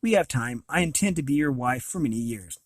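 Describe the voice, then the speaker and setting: A man's voice: medium pitch, expressive, no echo, natural voice. Guinevere, a man reading a nervous young bride. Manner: hesitant, halting speech. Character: young noblewoman bride, nervous but gentle. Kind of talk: reading a novel aloud.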